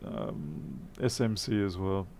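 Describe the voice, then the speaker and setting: Slight background noise accompanies a laptop repair in a workshop, where a technician chats casually to camera, mutters as he works, and mocks himself. His low-pitched voice is slow, creaky, and a little mellow, with lively intonation.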